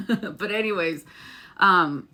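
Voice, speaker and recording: Taking it slowly, a woman with a lowish, pushed and bright voice delivers a heartfelt monologue on her casual spiritual vlog. She is earnest and emotional with her viewers, wandering off on tangents and swearing from time to time.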